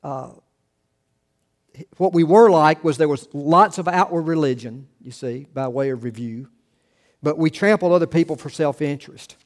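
Middle-aged guy preaching, kinda high voice, gets loud on the quotes then goes quiet. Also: moderate pace. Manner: earnest preaching with rising emphatic quotes and hushed asides. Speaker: pastor. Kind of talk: sermon.

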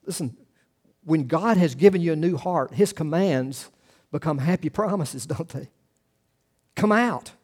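A middle-aged male pastor preaching a sermon, earnest, rising to emphatic quotes and dropping to hushed asides. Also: a little high, moderate pace.

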